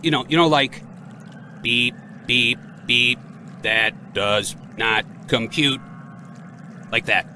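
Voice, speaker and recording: A man's voice: medium pitch, pushed and bright, a little hiss or hum. An actor playing an effusive male film director who gushes praise and gives notes. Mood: enthusiastic. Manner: gushing, fast to praise and direct. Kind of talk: audio drama acting.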